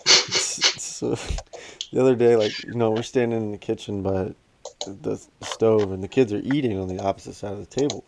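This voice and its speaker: A man's voice: fairly low pitch, fairly even intonation, moderate pace, vocal fry. A man in his thirties co-hosting a casual podcast, laid-back and swearing freely, laughing often as he chats. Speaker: podcast co-host. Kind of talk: casual chat. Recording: noticeable background noise.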